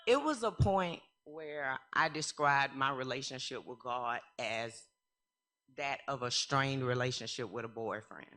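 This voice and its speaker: A woman in her thirties giving a personal testimony at church, candid and humorous, moving from quiet reflection to loud, animated stretches. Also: a bass voice, unhurried.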